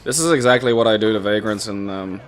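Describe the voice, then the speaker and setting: A man's voice: on the low side, quick pace. Jokey, irreverent man watching a game. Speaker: co-host. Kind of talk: casual let's-play chat.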